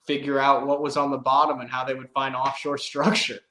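A man's voice: medium pitch, little pitch movement, fairly quick, bright, forceful tone. A man telling a fishing story in casual podcast chat, rambling with lots of "like" and laughing as he goes. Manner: rambling, many "like" fillers, laughs while telling. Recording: roomy echo.

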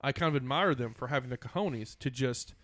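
A man's voice: mid-range voice, brisk, fairly bright tone, no room sound. Joking man in casual movie chat. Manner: joking, sarcastic asides. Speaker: podcast co-host.

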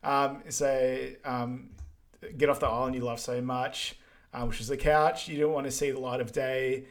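A man co-hosting a podcast, giving a relaxed plot recap with frequent ums. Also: mid-range voice, normal speed. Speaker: podcast co-host. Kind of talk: casual film recap chat.

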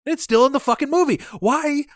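A man's voice: very high voice, fairly quick, no echo, clean studio sound. A man in his thirties co-hosting a casual movie podcast, ranting and swearing freely. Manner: profane, ranting, opinionated. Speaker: podcast co-host.

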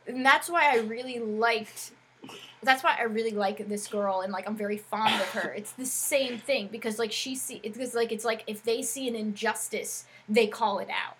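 A woman's voice: a little high, moderate pace, a bit bright, slight background noise, poor audio. A woman who works as an educator, co-hosting a casual chat and talking in a rambling way full of "like" fillers. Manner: chatty, rambling, with frequent "like" fillers. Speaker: podcast co-host and educator.

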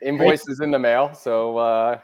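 A man's voice: mid-range voice, fairly even intonation, moderate pace, darkish tone. A man from Western Canada, a guest on a casual podcast, joking dryly. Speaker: guest, event team member.

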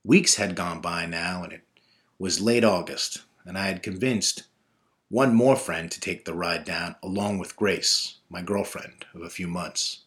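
Man, lowish voice, reflective first-person storyteller, measured delivery. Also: a bit bright.

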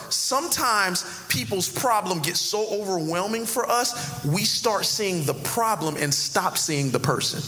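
A man's voice: high-pitched, lively intonation, unhurried, few pauses, pushed and bright, soft background music. A male pastor preaching a conversational sermon in a church, with sudden emphatic rises. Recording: long hall reverb, faint background noise.

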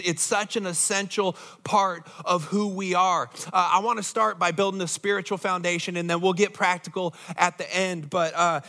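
Man, pastor, high voice, conversational sermon, quizzes the congregation. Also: bright, forceful tone. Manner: conversational, asks the congregation questions.

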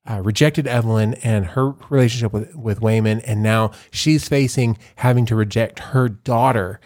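A man's voice: fairly low pitch, normal speed, darkish tone, no echo, studio quality. A man co-hosting a podcast in casual chat, telling stories with frequent laughs and restarts. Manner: rambling storyteller, laughs often, many restarts. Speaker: podcast co-host.

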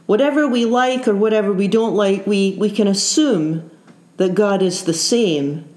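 A woman's voice: medium pitch, measured pace, a little mellow. A woman preacher giving an earnest sermon, full of rhetorical questions and repeated phrases. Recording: roomy echo.

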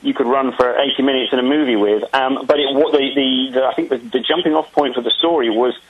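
A man being interviewed about making a film, answering in a casual, halting way with many ums and restarts. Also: mid-range voice, slightly rough, phone-quality sound.

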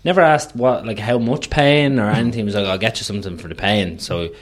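A man's voice: fairly low pitch, quick pace. A young man on a podcast, telling a story in casual chat, laid-back and laughing at himself.

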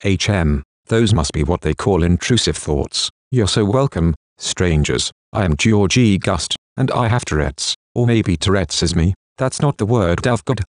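A man's voice: low voice, lively intonation, a little slow, few pauses, dry recording. A man reading as an anguished young man with Tourette's. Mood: agitated. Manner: swearing, agitated outbursts.

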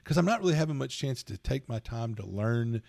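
Middle-aged male podcast host, gravelly, animated and rambling, dry booth sound. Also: medium pitch, fast, dry recording. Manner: rambling, animated storytelling with laughs. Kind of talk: casual chat.

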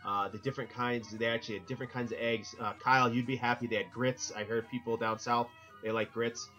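A man's voice: medium pitch, little pitch movement, quick pace, bright, forceful tone, soft background music, rough recording. Rambling, jokey middle-aged man. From Connecticut, US. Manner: rambling, jokey, self-interrupting. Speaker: podcast co-host. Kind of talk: casual roundtable chat.

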